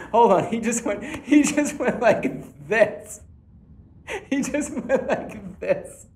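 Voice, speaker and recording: Animated, foul-mouthed male streamer. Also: extremely high pitch, slow pace, recorded from a distance, a little hiss or hum. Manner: animated, swearing, sudden loud outbursts. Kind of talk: casual on-stream chatter. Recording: echoey room.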